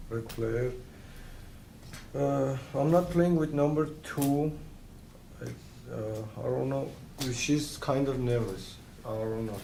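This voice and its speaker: A man speaking halting, hesitant non-native English as a player at a tournament game. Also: medium pitch, gravelly. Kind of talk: game table speech. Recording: echoey noisy room.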